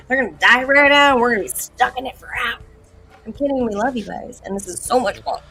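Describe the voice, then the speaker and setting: A woman's voice: on the high side, a little fast, pushed and bright, faint music behind. A woman co-hosting a book podcast in playful casual chat, laughing often. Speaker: podcast co-host.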